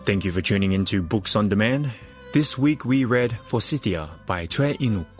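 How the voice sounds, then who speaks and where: Deep, expressive male radio narrator. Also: normal speed, over music. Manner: expressive, wide-ranging reading. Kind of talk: scripted storybook narration.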